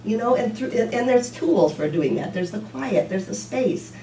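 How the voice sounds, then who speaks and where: A woman minister giving a relaxed, conversational sermon, often saying "you know" and getting lively when she tells stories. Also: fairly high pitch, moderate pace, a little hiss or hum. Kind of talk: informal sermon. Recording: echoey room, mic at a distance.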